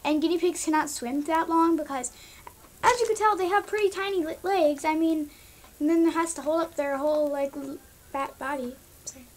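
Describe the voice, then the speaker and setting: A woman's voice: high voice, normal speed, a little hiss or hum. A young woman vlogging casually, exasperated and scolding, with lots of "like" and "um". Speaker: pet vlogger. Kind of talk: casual ranting monologue.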